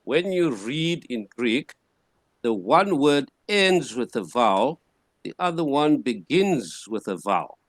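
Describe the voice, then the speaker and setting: A male teacher lecturing at an unhurried pace, repeating each word several times so students can copy it. His voice sits at an ordinary pitch. The recording is dry and close, with no room sound. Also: sing-song, no echo. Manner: patient, repeats words slowly to model pronunciation. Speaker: Greek teacher. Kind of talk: classroom lecture.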